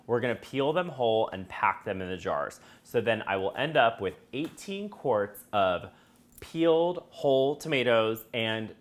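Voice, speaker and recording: A man's voice: medium pitch, fairly bright tone. Upbeat, chatty man hosting a cooking tutorial. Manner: upbeat and chatty, talking straight to viewers. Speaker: cooking video host.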